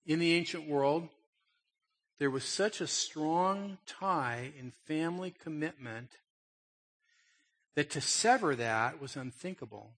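A male preacher with a somewhat high voice works through a scripture passage. He stresses points emphatically and keeps it conversational, checking in with his listeners as he goes. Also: takes it slowly, long pauses, a bit bright. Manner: emphatic, conversational, asks "okay?". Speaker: pastor. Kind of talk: sermon with scripture reading.

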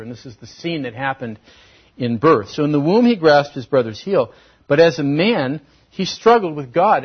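Male pastor, somewhat high and husky voice, conversational sermon delivery, dull lo-fi recording. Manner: conversational preaching, rising to emphatic questions.

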